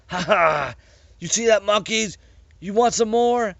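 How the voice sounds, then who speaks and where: A man voicing a cowardly male ship captain who yells frantically in a high, strained voice. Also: measured pace, creaky, dry recording, muffled recording, full character voice. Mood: gloating. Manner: frantic high-pitched yelling.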